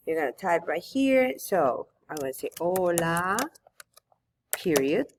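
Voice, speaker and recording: In this screen-recorded tutorial, a woman who teaches Spanish patiently shows students how to use an online tool, one step at a time. Her lowish voice has big pitch swings, she's unhurried, and there's a little hiss or hum.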